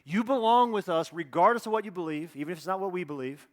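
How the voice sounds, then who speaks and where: A man welcoming a church congregation and opening a sermon, energetic and chatty with joking asides, a little out of breath. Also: high voice, fast talker. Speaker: pastor. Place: church auditorium.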